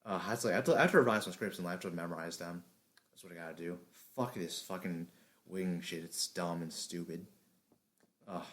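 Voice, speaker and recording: A man recording an anime review, shouting lines with energy between low, mumbled, profane asides and retakes. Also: a little fast. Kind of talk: unscripted commentary recording with retakes.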